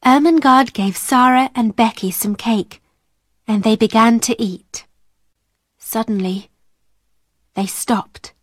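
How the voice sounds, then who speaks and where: A woman narrating a graded-reader storybook in a slow, clear, careful way. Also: a little high, no room sound, clean studio sound. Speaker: audiobook narrator.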